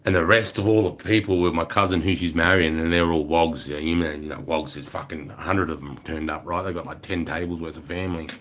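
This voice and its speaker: Very low, gravelly-sounding Australian bloke, swearing nonstop while spinning a rambling yarn for a live stream chat. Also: male voice, fairly even intonation, fast talker, few pauses, a bit bright. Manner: profane, rambling, swears constantly. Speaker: livestreamer. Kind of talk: casual storytelling to a live chat.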